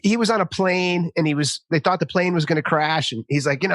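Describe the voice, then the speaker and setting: A man in his fifties hosts a casual podcast interview, his voice sitting a little high for a man. He acts out quotes with big jumps in pitch. The sound is dry and close, with no room around it. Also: fast, few pauses, no echo. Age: 50s. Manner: animated, acts out quotes in a raised voice. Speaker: podcast host.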